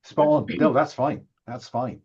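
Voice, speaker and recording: Man, mid-pitched, chatty game master, dull online call audio, lots of fillers and restarts. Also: steady tone, a little slow, darkish tone, husky. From Wales. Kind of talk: facilitating a tabletop session zero. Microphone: video call.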